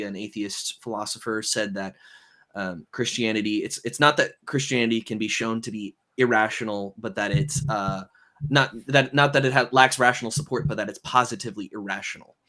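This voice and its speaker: Male host, lowish voice, methodical explainer, relaxed livestream chat. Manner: measured, explains step by step with many fillers. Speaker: host and moderator. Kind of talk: casual panel discussion.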